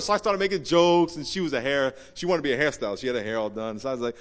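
A male pastor giving a sermon, swinging between low, confiding storytelling and loud, emphatic preaching. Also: racing, hardly any pauses. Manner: storytelling with laughs and acted quotes. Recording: long hall reverb.

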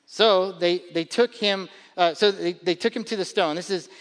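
A man's voice: sits high, normal speed, long reverb tail. A man in his thirties preaching a sermon as a pastor, conversational and emphatic, often repeating words as he builds a point.

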